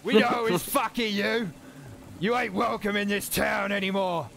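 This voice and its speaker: Guy playing a rough loud townie from an angry mob, pitched up. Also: expressive, fast. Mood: hostile. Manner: rough, confrontational. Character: rowdy hostile townsman in a lynch mob.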